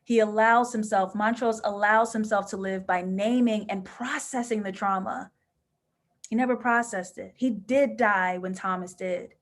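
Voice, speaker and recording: A woman hosts a live TV episode review, reading out viewer comments in an unhurried, steady-toned voice of medium pitch. She talks passionately and emotionally, now and then breaking into sudden bursts of laughter.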